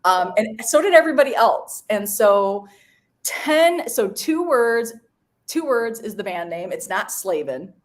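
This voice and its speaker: A woman's voice: fairly high pitch, very animated, measured pace. A woman co-hosting a live stream in casual chat, bubbly and teasing, laughing often. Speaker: co-host.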